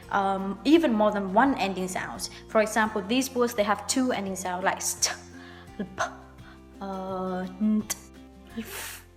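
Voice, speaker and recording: A young woman with a Vietnamese accent teaching English pronunciation in a video lesson, speaking slowly and stressing her words. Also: medium pitch, in a large hall. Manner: slow, emphatic teaching delivery.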